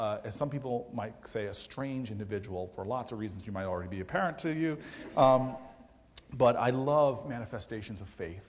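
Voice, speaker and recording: Animated male speaker in a big hall. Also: fairly low pitch. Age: 30s. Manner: animated storyteller, acts out quoted voices, frequent restarts. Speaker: mayor giving a campus speech. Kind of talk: storytelling speech to an audience. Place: large theatre hall. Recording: dull, roomy auditorium recording.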